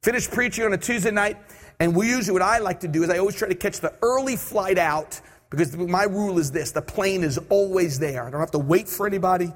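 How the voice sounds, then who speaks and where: A man preaching a sermon, telling a personal story with animated asides and acting out his own thoughts. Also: sits high, fast talker. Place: church service. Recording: reverberant church hall.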